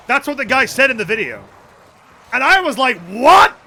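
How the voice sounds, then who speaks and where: A man's voice: extremely high pitch, very animated, fairly quick, bright, forceful tone, slight background noise. A man chatting casually to his viewers while playing a game, telling rambling stories and swearing a lot. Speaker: game streamer. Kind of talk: casual live-stream chat while gaming.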